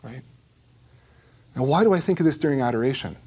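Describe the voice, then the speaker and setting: A man's voice: medium pitch, a little fast, slightly rough. A middle-aged man giving a conversational talk on prayer and adoration, with frequent asides to his listeners. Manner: conversational, animated, with asides like "right?". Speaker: Catholic speaker on the Eucharist.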